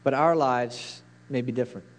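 A man's voice: mid-range voice, moderate pace. A man preaching a sermon as a pastor, earnest and pleading, building to intense peaks.

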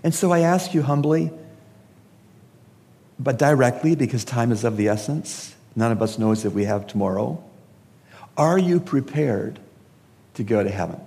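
A man's voice: medium pitch, lively intonation, normal speed, gravelly, pauses often, mellow. A man preaching a funeral sermon, emphatic and asking his listeners pointed questions. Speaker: pastor. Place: church service. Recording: long reverb of a large hall.

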